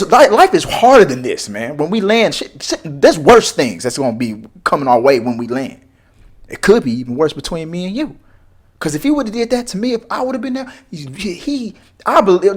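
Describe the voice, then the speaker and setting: A man in his forties giving a casual opinion rant as a reaction video host, full of slang and mocking put-on voices. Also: sits high. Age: 40s. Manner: animated, mocking voices in quotes, frequent repeats and slang.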